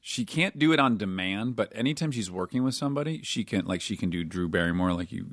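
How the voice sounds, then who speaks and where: A man chatting as a podcast guest, joking in a dry, deadpan way. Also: fairly low pitch, quick pace, no room sound. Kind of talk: casual chat.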